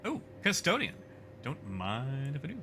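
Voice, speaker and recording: A man streaming a space game, chatting casually with his viewers as he plays. He rambles and mocks himself, with a bright, forward tone in a middle pitch. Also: huge pitch swings, unhurried, a little hiss or hum. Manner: rambling, self-mocking.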